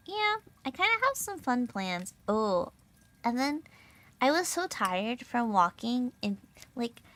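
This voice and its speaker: A young adult woman VTuber streamer in casual chat, bubbly and giggly with lots of filler words, her throat a little sore and strained. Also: fairly high pitch.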